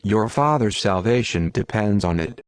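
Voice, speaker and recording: Storybook part: man playing a terse stranger with a letter; low. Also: animated, normal speed, no echo, clean studio sound, close to an everyday voice. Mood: insistent. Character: mysterious terse male messenger.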